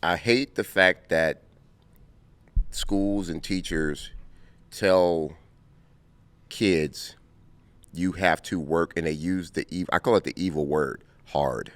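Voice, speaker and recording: A man in his fifties from Compton, telling stories as an interview guest, animated and quick to laugh. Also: low voice, no room sound. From Compton, California. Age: 50s. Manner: animated, laughing storyteller who acts out scenes. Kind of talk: casual interview storytelling.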